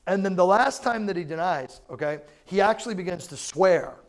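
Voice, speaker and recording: Chatty preacher man, fairly high voice. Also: lively intonation, fairly quick. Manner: informal, chatty asides. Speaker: pastor. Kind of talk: conversational sermon.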